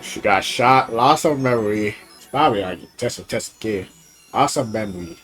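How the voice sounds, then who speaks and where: A young woman commenting on a story game as she plays, expressive and casually swearing. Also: extremely low pitch, normal speed, husky, faint music behind. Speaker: gaming YouTuber. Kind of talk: let's play commentary.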